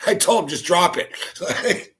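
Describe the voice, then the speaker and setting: Guy on a sports talk show ranting about his night, swearing a lot, kinda higher voice, laughing as he goes. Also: animated, unhurried, a bit bright. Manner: profane, exasperated ranting with frequent laughs. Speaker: sports talk radio host. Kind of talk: casual storytelling on air.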